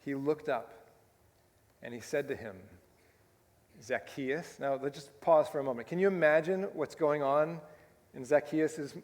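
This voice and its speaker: A male pastor preaches in a conversational way, with a voice a little higher than most men's. He often checks in with rhetorical asides. His words ring out with the long reverb of a church sanctuary. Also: moderate pace, darkish tone. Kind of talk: sermon.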